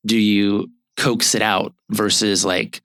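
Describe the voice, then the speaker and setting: Low-voiced man, casual therapist chat. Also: slow, no echo, studio quality. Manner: relaxed, rambling, many fillers and restarts. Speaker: marriage therapist and podcast host.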